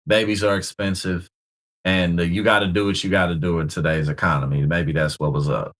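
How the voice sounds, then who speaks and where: A man's voice: sits low, flat delivery, a little fast, a bit bright. A man co-hosting a news talk show, joking in a sardonic way. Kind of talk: casual chat.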